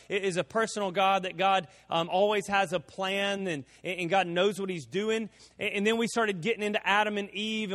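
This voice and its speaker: A man preaching a sermon, telling a homespun story with repeated words and slow, drawn-out emphasis. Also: high-pitched, a bit bright, in a large hall. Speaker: pastor.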